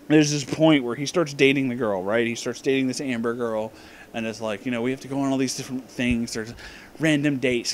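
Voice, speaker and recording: A drunk man hosting a comedic movie review, ranting with heavy profanity and loud outbursts. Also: mid-range voice.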